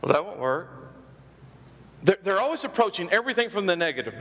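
Preaching from the pulpit of a church sanctuary, this male pastor speaks fairly quickly in a high, bright, forceful voice full of animation. Phrases come back again and again for emphasis as he throws questions to the congregation in call-and-response fashion. The long reverb of the hall trails every line.

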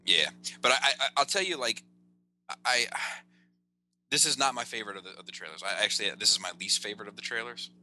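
A man co-hosting a podcast in casual movie chat, talking fast with lots of stammered restarts. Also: fairly low pitch, bright, forceful tone, slight background noise. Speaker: podcast co-host.

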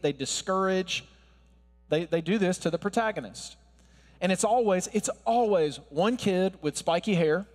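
Thirties guy preaching, chatty and wry, kinda high voice, long reverb like a big hall. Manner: conversational, wry preaching with asides to the crowd. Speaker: pastor. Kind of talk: sermon.

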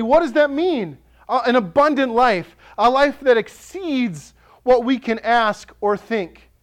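A male pastor delivers a sermon in a notably high voice. He preaches with passion, building to emphatic declarations. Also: smooth. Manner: impassioned, rising to emphatic declarations.

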